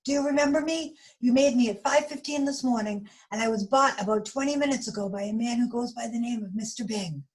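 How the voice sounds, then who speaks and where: A woman puts on a fussy, dramatic little doughnut from a picture book. His voice sits high and turns shrill when he is frightened. He stays prim and polite even in a panic. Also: a little fast, few pauses, lightly acted, low-quality recording. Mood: frantic. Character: fussy talking doughnut, small, polite but easily alarmed.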